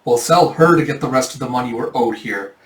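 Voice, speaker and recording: A man voicing a cruel, greedy male tax official in a sneering, drawn-out tone, read from a comic. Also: medium pitch, lightly acted. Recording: echoey room, mic at a distance.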